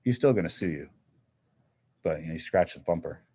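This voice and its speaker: A middle-aged man with a fairly low voice lectures a class in a classroom. He explains problems in a relaxed, conversational way, with plenty of fillers. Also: a little fast, slightly rough. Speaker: physics teacher.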